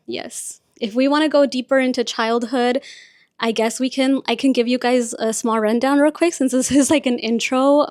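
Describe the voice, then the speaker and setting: A young woman hosts her podcast in a chatty, confiding tone, with Spanish as her first language. Her voice sits a little high. The sound is dry and close, with little room around it. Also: no echo. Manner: chatty, confiding, frequent "like" and "you guys". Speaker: podcast host. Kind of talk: casual chat.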